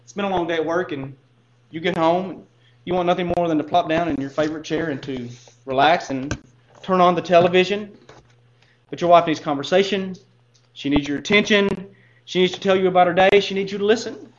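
A man's voice: high voice, fairly quick, highs cut off, slight background noise. A man preaching a sermon as pastor, speaking earnestly and putting direct questions to his listeners.

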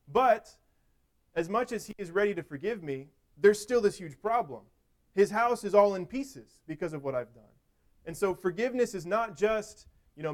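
Slightly high-voiced man preaching casually. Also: expressive, moderate pace. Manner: conversational, with restarts and everyday illustrations. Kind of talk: sermon.

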